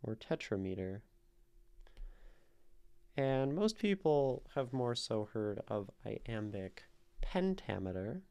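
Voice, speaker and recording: A man's voice: medium pitch, big pitch swings, takes it slowly, warm tone, clear, resonant tone. A male streamer who reads a chatter's poem aloud, then explains its meter and taps out the stress beats. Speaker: streamer reading and critiquing chat poetry. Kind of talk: slow, thoughtful poetry reading and analysis.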